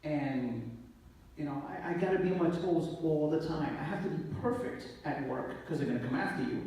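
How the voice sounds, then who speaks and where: A police officer, talking emotionally and apologetically on a live panel. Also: male voice, a little high, darkish tone. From the Bronx, New York. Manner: emotional, apologetic, rapid bursts. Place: event hall. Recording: echoey hall, distant mic, faint hiss.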